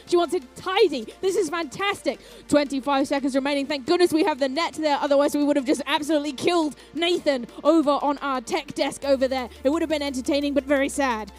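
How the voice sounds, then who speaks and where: A bubbly young woman calls a robotics match with chatty, playful asides. Her voice sits high. Faint music runs underneath the commentary. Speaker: event commentator.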